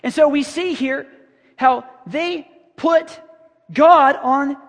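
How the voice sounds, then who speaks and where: A man's voice: extremely high pitch, takes it slowly, a bit bright. A middle-aged man preaching a sermon as pastor, conversational and self-deprecating, acting out his own prayers. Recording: reverberant church hall.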